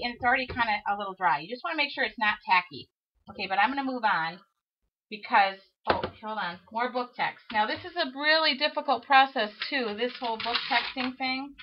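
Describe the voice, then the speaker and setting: Woman, middle-aged, live craft tutorial, chatty, self-mocking, faint hiss behind her. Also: a little high. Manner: chatty, self-mocking, talks to herself while working. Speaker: craft demonstrator. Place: craft studio. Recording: dull lo-fi livestream audio with faint hiss.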